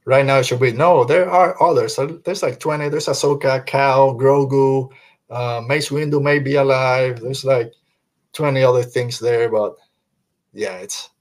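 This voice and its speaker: An earnest man hosting a casual fan podcast, his voice pitched in an ordinary middle range. He talks emphatically and keeps circling back to repeat his point for stress. His delivery stays loose and conversational, dropping a casual "man" at the end of his lines. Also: steady tone, measured pace. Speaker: podcast host.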